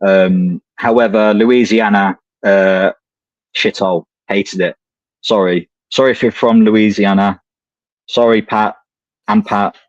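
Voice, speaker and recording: A man's voice: on the low side, fairly even intonation, slow, no room sound, lo-fi sound. A man co-hosting a podcast, telling rambling anecdotes in casual chat and swearing freely. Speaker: podcast co-host. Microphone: remote streaming call.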